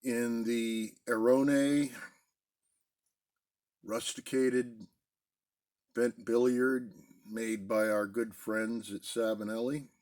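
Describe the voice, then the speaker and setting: A middle-aged man chatting casually in a relaxed, rambling way from a basement den at home. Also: mid-range voice, drawn-out words, pauses often. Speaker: pipe-smoking video host. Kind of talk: casual pipe-smoking chat.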